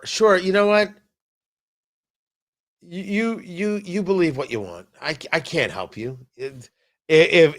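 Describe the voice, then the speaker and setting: A man's voice: high-pitched, fairly bright tone. A man hosting a political commentary show, sarcastic and exasperated, often stumbling over restarts. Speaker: talk show host.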